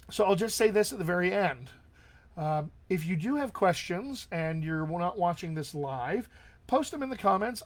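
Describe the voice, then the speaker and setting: Chatty, encouraging male dialect coach. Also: high voice. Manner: chatty, encouraging, tags lines with "all right?". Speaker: dialect coach hosting a live Q&A. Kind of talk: casual live-stream advice talk.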